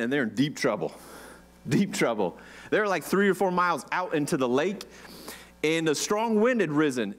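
Conversational American pastor preaching. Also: male voice, on the high side. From United States. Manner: conversational, asks the congregation questions. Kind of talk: sermon. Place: church.

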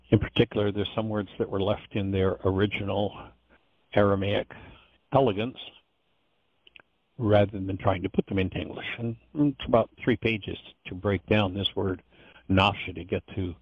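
Male course teacher, husky and gravelly, earnest and digressive delivery; dull lo-fi call sound. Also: fairly low pitch, no echo. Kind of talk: informal course lecture.

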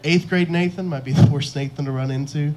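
A man's voice: on the high side, steady tone, brisk, a little mellow, a little hiss or hum. A young man performing a stand-up comedy set on a club stage into a handheld mic, self-deprecating and chuckling at his own jokes.

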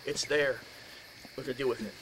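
A man telling a ghost story to a group in a house, animated and acting out voices and sound effects. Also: medium pitch, a little fast, background noise.

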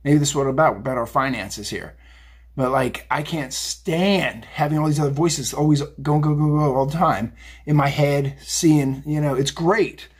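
A man's voice: on the high side, normal speed, breathy edge. A man giving a tarot reading on a phone video, blunt and fired up, swearing and rambling. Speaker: tarot reader. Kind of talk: casual profane psychic rant.

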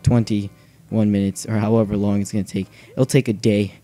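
A young man commenting on his own video game play, nervous and self-mocking, breaking into shouts. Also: lowish voice, little pitch movement, moderate pace. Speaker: gaming channel host. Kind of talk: excited let's play commentary.

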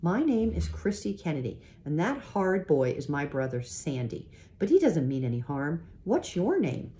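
A woman's voice: sits low, sing-song, normal speed, warm tone, voice pushed up. A woman voicing a bossy, chatty redheaded schoolgirl in a storybook.

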